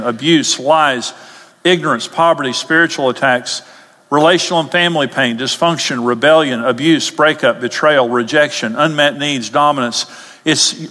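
A man's voice: a little high, bright, forceful tone. A male pastor preaching a sermon emphatically, his voice rising as he gets stirred up. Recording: long hall reverb.

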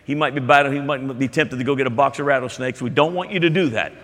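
A male pastor preaches emphatically in a church, his mid-range, fairly bright voice moving at a quick pace. He keeps the sermon conversational, making asides directly to the congregation, and the hall carries a long reverb.

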